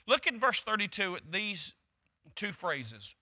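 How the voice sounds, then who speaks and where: A pastor preaching to his congregation in a high, strikingly bright voice. He presses his points by repeating short phrases and letting his delivery climb. It is a man's voice, steady in sermon cadence. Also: unhurried.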